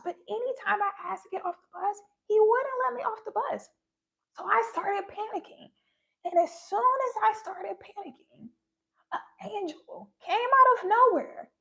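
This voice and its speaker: A young woman with a strikingly high voice and a gravelly fry shares personal stories on a phone livestream. She speaks earnestly and with animation, slipping into quoted lines as she retells events. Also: fairly bright tone. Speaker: spiritual livestream host.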